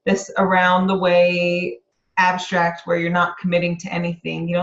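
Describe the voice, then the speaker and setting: امرأة متحمسة تتحدث بتشجيع في غرفة ذات صدى. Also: female voice, on the low side, monotone, moderate pace. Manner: upbeat and encouraging, breaks into laughter. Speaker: real estate agent. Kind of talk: casual motivational talk to camera. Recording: roomy, slightly dull lo-fi sound.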